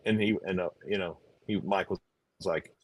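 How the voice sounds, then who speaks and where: A man chatting casually on a live stream, telling a story in halting, rambling bits with many restarts. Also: low voice, fairly even intonation. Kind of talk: casual chat.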